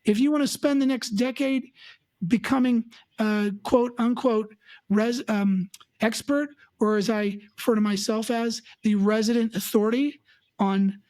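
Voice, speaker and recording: On an advice chat show, a female financial advisor with a fairly high voice makes her points forcefully and animatedly, slipping into impressions of her clients. The recording has no echo.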